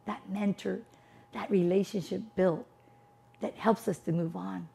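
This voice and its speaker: Fifties woman, non-native English, storytelling speaker, animated and emphatic, mid-pitched. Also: measured pace, vocal fry. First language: non-English household language. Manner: animated, emphatic, asks rhetorical questions. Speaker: motivational speaker. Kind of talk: personal storytelling testimony.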